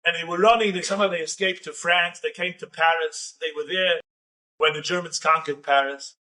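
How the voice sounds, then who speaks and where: High, bright-voiced rabbi telling a story. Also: male voice, a little fast, recorded from a distance. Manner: animated, building dramatic tension. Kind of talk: storytelling lecture.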